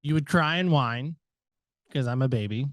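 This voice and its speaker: A man quoting his gruff older father, a former Marine, in an everyday voice close to his own. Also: medium pitch, normal speed, a bit bright, no room sound, natural voice. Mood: earnest.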